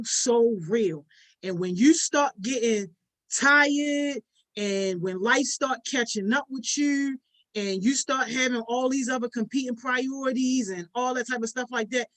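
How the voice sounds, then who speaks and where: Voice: medium pitch, measured pace. A youth program host on a casual livestream, greeting viewers by name one after another in slangy talk that ends nearly every phrase with "yo". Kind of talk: casual livestream chat with participants.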